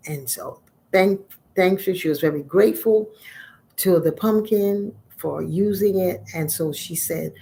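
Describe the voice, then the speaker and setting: A middle-aged woman, a spiritual teacher, telling a folk myth in a conversational, expressive way. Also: fairly low pitch, unhurried, gravelly.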